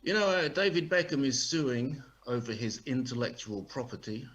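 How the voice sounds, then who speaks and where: A man delivers a deadpan stand-up set, dry and sarcastic, teasing his audience. He speaks over a video call with a faint hiss behind him. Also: medium pitch, moderate pace. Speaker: stand-up comedian.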